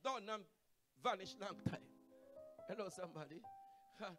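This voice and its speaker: High-voiced Jamaican preacher, shouting and singing. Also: male voice, moderate pace, over music. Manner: preaching with call-and-response, swinging from quiet asides to shouted, sung climaxes. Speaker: guest evangelist preacher. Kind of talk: Pentecostal sermon. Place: church sanctuary.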